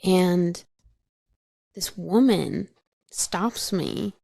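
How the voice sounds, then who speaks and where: A woman's voice: fairly low pitch, lively intonation, extremely slow, creaky, mellow, slightly rough, dry recording, studio quality. A woman recounting her past as a podcast guest, frank and matter-of-fact, laughing at herself and peppering her talk with "like". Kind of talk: candid personal storytelling.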